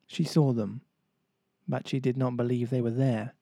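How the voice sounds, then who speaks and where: A man reading a storybook aloud in a playful, warm-humored way. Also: medium pitch, steady tone, moderate pace, gravelly, dry recording, clean studio sound. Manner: playful, jokes and laughs with listeners. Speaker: storybook reader. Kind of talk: storybook narration read aloud.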